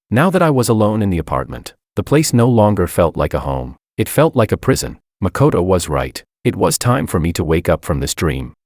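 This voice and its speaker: Deep-voiced man narrating a story. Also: darkish tone, no room sound, clean studio sound. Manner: earnest, heartbroken first-person telling. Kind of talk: first-person story narration.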